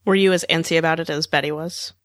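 Woman with a lowish voice, calm thoughtful podcast talk, dry close sound. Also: quick pace, no echo. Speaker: podcast co-host. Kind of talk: casual chat.

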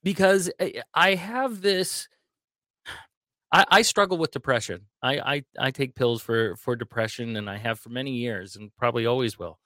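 A man in his forties hosting a podcast, who talks in an animated, joking way and often stumbles over his words. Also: mid-range voice, normal speed, dry recording, studio quality. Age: 40s. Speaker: podcast host. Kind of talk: conversational interview.

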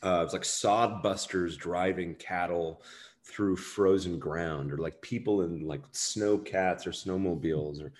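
A man's voice: low-pitched, fairly even intonation, a little slow. A man, an actor, chatting casually in an interview, rambling and self-deprecating with many fillers. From United States. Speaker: actor guest.

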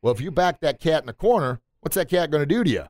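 A man who runs a martial arts school, hosting a motivational podcast with an animated manner, acting out voices and laughing at himself. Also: a little high, fast talker, dry recording, clean studio sound. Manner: animated, acts out quotes and sounds, laughs at himself.

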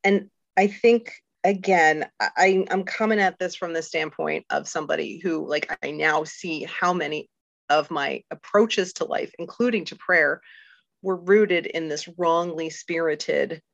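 A woman's voice: on the low side, vocal fry, a bit bright, no echo. A middle-aged woman, a guest on a faith podcast, talking candidly and earnestly with many fillers and restarts. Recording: dull lo-fi dry recording.

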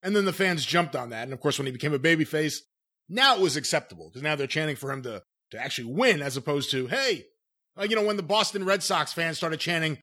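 A man's voice: fairly high pitch, lively intonation, fast, bright, forceful tone. A man hosting a casual commentary chat, leading the talk and cueing clips. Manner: leads the talk, cues clips. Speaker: podcast host.

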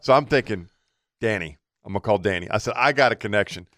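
A man co-hosting a radio talk show tells a long story casually, animatedly acting out what people said. His voice is fairly low and fast, captured in clean studio sound with no echo.

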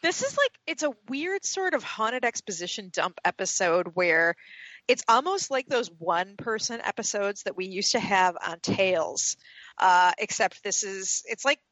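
A chatty woman co-hosts a podcast, her voice bright and quick to break into laughter. The recording is dry and a little dull. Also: medium pitch, lively intonation, no room sound. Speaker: podcast co-host. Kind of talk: casual chat.

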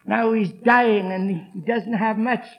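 A man preaching an evangelistic sermon, telling stories forcefully and acting out the people in them. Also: sits high, steady tone, takes it slowly, highs cut off, a little hiss or hum. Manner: emphatic, forceful, acts out the people in his stories.

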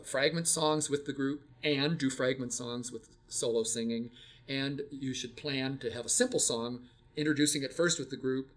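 An older man, a music educator, reflects casually on teaching children to sing, telling stories with frequent restarts. His voice is medium-pitched.

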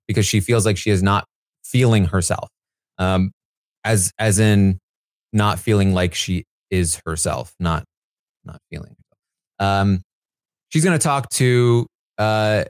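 A man's voice: on the low side, dry recording. Rambling man recapping in a dry room. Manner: rambling, many fillers and restarts. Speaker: live feed recap host. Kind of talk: casual solo recap.

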